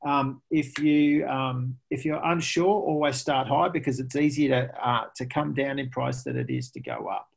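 A man being interviewed as a pricing expert, an animated storyteller who laughs often. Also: mid-range voice, moderate pace, gravelly, hardly any pauses, husky. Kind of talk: conversational interview.

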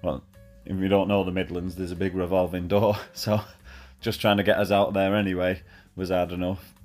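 A man tells a rambling night-out story in a voice message, his voice deep and held in a narrow range. He fills gaps with "uh" and keeps a cheeky, laddish tone, with faint music in the background. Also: little pitch movement, moderate pace, darkish tone. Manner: chatty, laddish, full of fillers. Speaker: caller sending a voice message.

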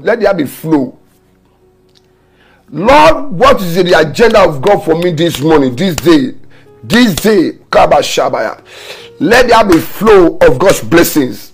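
A man's voice: on the high side, gravelly. A man pastor preaching an online morning prayer sermon, fervent, mixing tongues and repeated decrees with stories. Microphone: home camera setup for an online broadcast.

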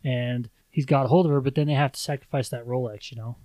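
Dude on a movie podcast going so anyways and then, middle voice, very dry mic. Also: male voice, mid-range voice, steady tone, fast talker, dark tone, dry recording, highs cut off. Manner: rambling plot recap with fillers. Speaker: podcast co-host. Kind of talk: casual movie chat.

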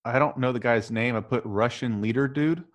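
A man's voice: mid-range voice, normal speed. Blunt joking man reviewing a movie. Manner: blunt, jokey, swears freely. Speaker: podcast co-host. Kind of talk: casual movie review chat.

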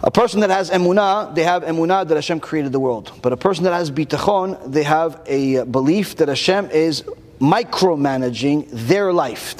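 A man giving a Torah lecture to an audience, animated and full of rhetorical questions, often repeating words while he searches for the next one. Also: a little high, big-room sound.

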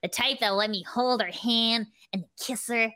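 A woman's voice: fairly high pitch, moderate pace, pushed and bright. A woman voicing a teenage male pop singer in a nasal, scrunched-nose voice. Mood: pleading.

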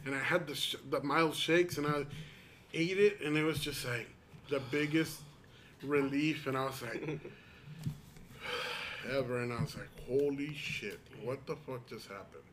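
A man's voice: fairly high pitch, steady tone, a little slow, long pauses, a bit bright, a little hiss or hum. A man with in his speech, telling stories in a rambling, casual chat with friends. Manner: rambling storyteller, many restarts and quoted asides.

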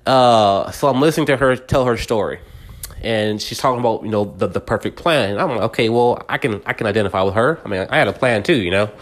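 A man in his thirties hosts a podcast, rambling through a personal story in a reflective monologue packed with restarts and fillers. He speaks quickly in a lowish voice and gets heated and agitated when anger sets in.

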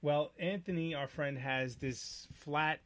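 A man's voice: on the high side, slow pace, fairly bright tone. Blunt, joking New man. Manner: blunt, joking, profane, teasing. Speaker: podcast co-host. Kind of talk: casual chat on a live podcast.

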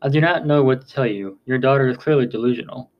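A man reading as a calm, formal tribal chief. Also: mid-range voice, lo-fi sound, lightly acted. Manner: measured, formal, polite speech. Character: calm, courteous older male tribal chief.

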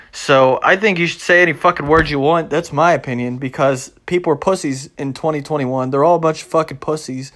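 This is a young man ranting without a script as host of his show, cursing nonstop. His delivery shifts back and forth between mumbling under his breath and agitated shouting.

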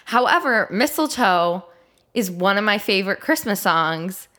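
A woman's voice: medium pitch, lively intonation, a little slow, sharp tone. Young woman podcast co-host, slightly nasal, chatty, giggly, drifts off mid-sentence. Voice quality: a little nasal. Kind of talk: casual podcast chat.

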